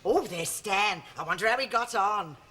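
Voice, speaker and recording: A woman's voice: mid-range voice, normal speed, close to an everyday voice. An actress playing a doting, fussy older mother with a London accent, giggling in a 1970s sitcom. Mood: fussing. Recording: noisy old TV soundtrack.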